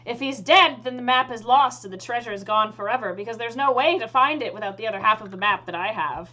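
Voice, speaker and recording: A woman's voice: a little high, quick pace, pushed and bright. A woman voicing a flamboyant, winking female pirate captain who talks in hearty pirate speech. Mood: boisterous.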